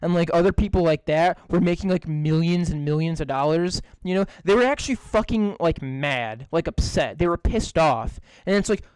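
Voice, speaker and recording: A man's voice: a little high, moderate pace, few pauses, a little mellow, clear, resonant tone, dry recording, rough recording. A young man co-hosting a podcast, ranting in casual chat with lots of swearing and fillers. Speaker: podcast co-host.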